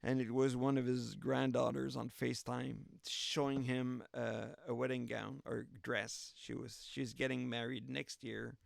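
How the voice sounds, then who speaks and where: A man's voice: mid-range voice, little pitch movement, unhurried, creaky, few pauses, no echo, studio quality. A man podcast host casually retelling a story in a chatty, rambling way, full of filler asides.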